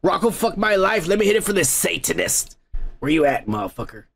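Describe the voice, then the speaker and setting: A man's voice: high voice, sing-song, brisk, gravelly, fairly bright tone, husky. A man hosting a comedy podcast, reading out viewer comments in a crude, rambling way full of profanity and mocking asides.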